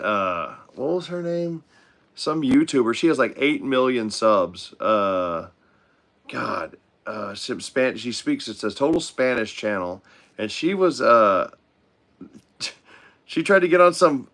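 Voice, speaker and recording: A man's voice: mid-range voice, animated, a little slow, a bit bright. Rambling man chatting between guitar licks. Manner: rambling, trails off and restarts, chuckles often. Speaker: guitar livestream host. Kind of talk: casual rambling chat.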